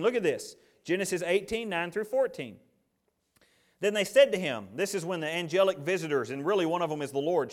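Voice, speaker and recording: Guy preaching, kinda high voice, reads the verses then goes emphatic on them. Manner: emphatic, reads scripture aloud then comments conversationally. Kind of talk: sermon with scripture reading.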